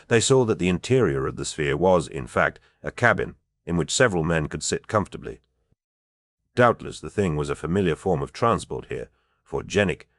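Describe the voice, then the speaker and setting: A man with a low, deep voice narrates a fantasy audiobook at a measured, even pace. He reads steadily, with a close, dry sound and no room echo. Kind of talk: scripted narration.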